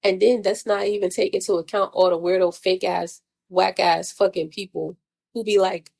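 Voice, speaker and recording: A woman's voice: medium pitch, fairly even intonation, moderate pace, gravelly, darkish tone. A woman vlogger, venting in a blunt, profane monologue full of repeated rhetorical questions. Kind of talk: casual spiritual venting monologue.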